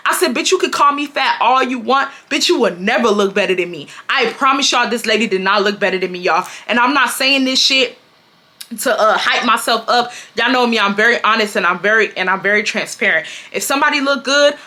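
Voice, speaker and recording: Bright-voiced young woman telling a story. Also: on the high side, brisk. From Houston, Texas. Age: 20s. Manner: animated, profane, addresses viewers as y'all. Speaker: storytime vlogger. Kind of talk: casual storytime chat to camera. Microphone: camera mic.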